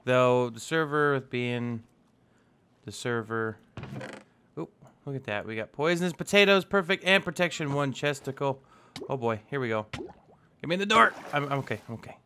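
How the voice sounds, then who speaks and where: Young man, casual game commentary, playful, chatty, talks to the animals in the game, mid-pitched voice. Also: animated, moderate pace, a bit bright, slight background noise. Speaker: let's play host.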